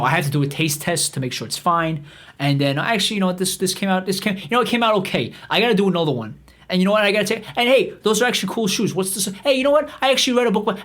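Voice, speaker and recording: A man with a slightly raised pitch rambles through a comic tale. He swears freely and keeps stopping to restart his sentences, like a podcast host riffing off the cuff. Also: a bit bright. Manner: profane, meandering, full of restarts and fillers.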